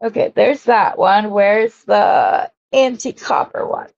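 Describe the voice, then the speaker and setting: Slow-talking woman chatting on a live stream. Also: mid-range voice, lively intonation, gravelly, a little mellow, highs cut off. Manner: chatty and rambling, greeting viewers as she works. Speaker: jewelry maker hosting a live stream. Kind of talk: casual live-stream chat.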